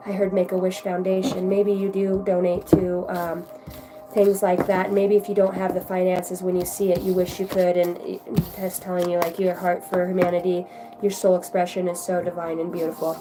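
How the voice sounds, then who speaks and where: A woman reading tarot cards on a live stream, talking in a warm, rambling, affectionate way and shifting between guidance and chat with viewers. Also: lowish voice, completely flat delivery, normal speed, background noise. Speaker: tarot card reader.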